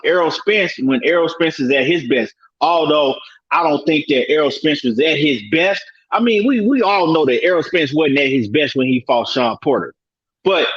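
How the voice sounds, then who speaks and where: A man's voice: on the high side, a bit bright, lo-fi sound. A man on a casual online panel, giving his view hesitantly with many fillers and slangy phrasing. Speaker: panel guest.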